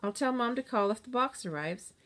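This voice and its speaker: A woman's voice: a little high, animated, brisk, a bit bright, voice pushed up. Bossy teen girl, curt and dismissive, read aloud in a storybook by a woman reader. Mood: polite phone. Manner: curt, scornful.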